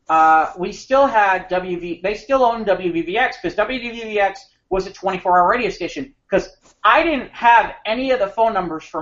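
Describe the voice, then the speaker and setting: A man co-hosting a podcast, telling an animated, rambling anecdote with frequent restarts. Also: high-pitched. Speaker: podcast co-host. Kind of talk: casual storytelling chat. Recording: slightly muffled podcast audio.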